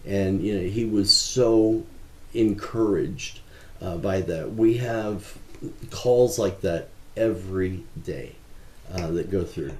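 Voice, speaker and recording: A man with a very deep, mellow voice answers interview questions in an earnest, measured way, often pausing on fillers. His voice carries a noticeable room echo. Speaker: ministry founder, guest. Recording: roomy echo.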